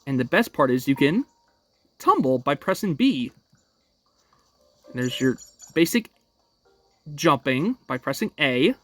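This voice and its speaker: Taking it slowly and pausing often, a young man hosting a gaming channel talks through a game step by step in a light, cheerful way. His voice rises and falls freely, relaxed and casual, as though chatting from home with his viewers.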